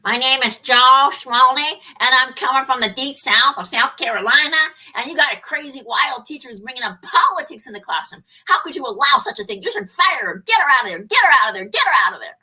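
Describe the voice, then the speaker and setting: Woman putting on a loud, irate Southern caller. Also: sits high, lively intonation, a little fast, few pauses, husky, heavily acted, low-quality recording. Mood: indignant. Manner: loud, indignant, repeated demands.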